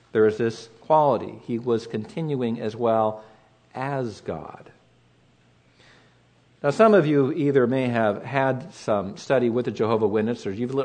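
A pastor giving a measured sermon, slowing down to stress key phrases as he reads and explains scripture. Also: medium pitch, darkish tone.

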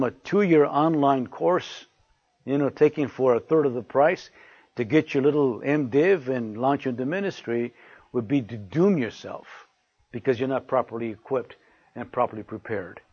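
A man's voice: medium pitch, a little mellow, breathy edge, no echo. An older man preaching a sermon as a pastor, telling stories and repeating phrases for emphasis. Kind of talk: sermon to ministers. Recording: muffled dry recording.

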